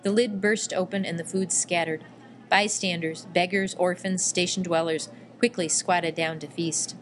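A woman narrating a first-person memoir in a measured, quietly emotional reading. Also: lowish voice, fairly even intonation, slight background noise. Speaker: audiobook reader.

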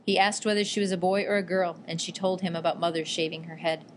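A woman narrating a book aloud in a steady, even storytelling read. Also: on the low side, fast, a little hiss or hum. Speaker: audiobook narrator. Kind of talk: scripted narration.

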